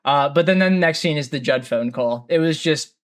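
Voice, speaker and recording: A man's voice: a little high, brisk. A man co-hosting a podcast in casual chat, rambling and self-deprecating, laughing often. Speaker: podcast co-host.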